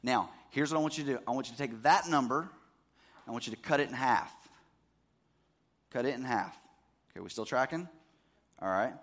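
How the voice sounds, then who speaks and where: A man's voice: medium pitch, fairly quick, fairly bright tone. A man in his thirties, a pastor giving a sermon, talking casually and checking that the congregation is following along.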